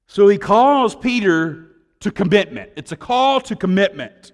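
Animated preacher in a reverberant sanctuary. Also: male voice, high-pitched, unhurried. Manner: dramatic swings from loud to hushed; conversational asides to the congregation. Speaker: pastor. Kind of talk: sermon.

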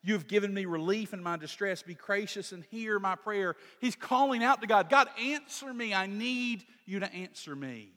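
A pastor preaching a sermon in an animated way, rising to shouts for emphasis. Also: male voice, high-pitched, moderate pace, few pauses. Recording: long hall reverb.

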